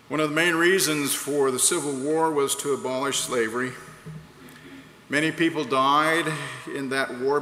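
A man's voice: on the high side, pushed and bright. A man preaching a sermon in a large hall, earnest and rhetorical, reading quotes aloud. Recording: echoey hall, faint background noise.

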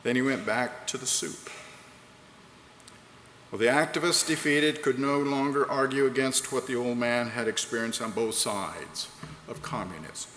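A man's voice: medium pitch, a little slow, fairly bright tone. A man preaching a sermon in a large hall, earnest and rhetorical, reading quotes aloud. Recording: echoey hall, faint background noise.

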